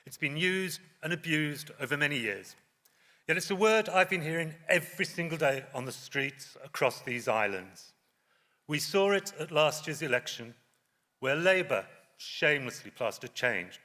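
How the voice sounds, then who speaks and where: A man from Wales giving an impassioned party leader's speech on stage, dropping his voice low for emphasis. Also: expressive, moderate pace, bright, forceful tone. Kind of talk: conference speech. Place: large conference hall on stage. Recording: long hall reverb.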